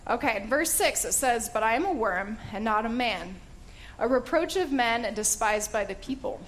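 Woman Bible study teacher, slightly high voice, casual and enthusiastic, with a faint hiss under her voice. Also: expressive, normal speed, a bit bright. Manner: chatty and enthusiastic, with frequent fillers and laughs.

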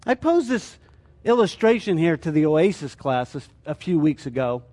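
A man's voice: fairly high pitch, sing-song, normal speed, a little mellow. A man teaching a sermon as a church teacher, explaining his points through rhetorical questions.

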